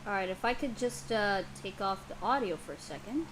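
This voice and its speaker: A young woman reacting to a comic dub in casual commentary, excitable, swearing often and exclaiming over what she sees. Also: mid-range voice, brisk, noisy background.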